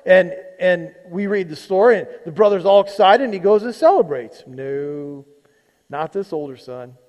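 High-voiced male pastor preaching in a hall. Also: animated, normal speed, darkish tone, muffled recording. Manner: conversational preaching, teasing the congregation. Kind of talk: sermon. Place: church sanctuary.

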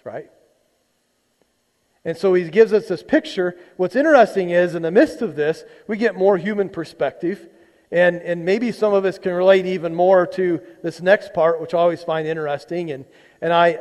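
A man's voice: on the high side, darkish tone, big-room sound. A male pastor giving a conversational sermon, teasing his congregation as he reads and retells a scripture story. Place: church sanctuary.

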